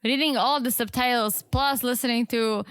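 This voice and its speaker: Woman, podcast co-host, bright-pitched voice, dry close mic, casual chatter. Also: fairly even intonation, normal speed, clear, resonant tone, dry recording. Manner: chatty, laughs, jumps in. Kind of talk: casual chat recapping a reality show.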